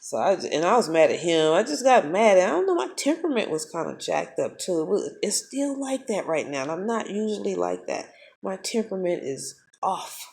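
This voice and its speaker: Woman w/ just telling a story, gravelly voice, blunt and cussing a lot. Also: lowish voice, brisk. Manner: blunt, profane, animated storytelling. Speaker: spiritual vlogger. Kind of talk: casual storytelling monologue.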